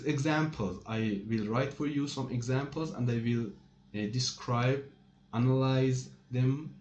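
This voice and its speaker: A man teaching a French lesson in English. He explains slowly, with many "uh" pauses, and stresses each English meaning. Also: medium pitch, darkish tone. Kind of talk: slow, hesitant lesson explanation. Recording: echoey room with faint typing noise.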